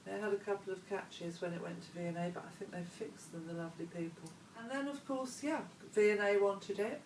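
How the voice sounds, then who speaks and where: A woman's voice: medium pitch, a little fast, noisy background. A woman, chatting as an interview guest in a rambling, conversational way. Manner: chatty, meandering, trailing asides. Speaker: interview guest, former model. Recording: echoey room, voice picked up from a distance.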